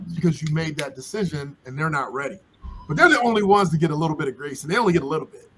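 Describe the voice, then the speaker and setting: Guy with a high voice chatting on a podcast, acts out little convos to make his point. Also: expressive, rapid-fire, fairly bright tone, slight background noise, poor audio. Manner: storytelling, plays out little dialogues. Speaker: panel speaker. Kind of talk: casual podcast discussion.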